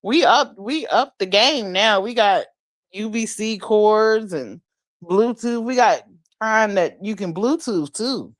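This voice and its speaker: A woman's voice: mid-range voice, expressive, takes it slowly. A woman, hosting a late-night livestream chat in a sassy, blunt and playful way. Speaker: livestream host.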